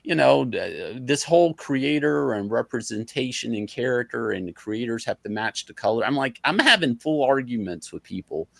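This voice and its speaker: A man guesting on a podcast, a comic artist telling stories in a casual, animated way, swearing freely and acting out the arguments he recounts. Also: medium pitch, normal speed, gravelly, hardly any pauses, dry recording. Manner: animated, profane, acts out quoted arguments.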